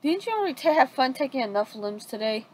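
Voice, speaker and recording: A woman's voice: high-pitched, very animated, fast talker, a little mellow, breathy edge, full character voice, rough recording. A woman voicing a chiding teenage girl ninja in a retold fan story.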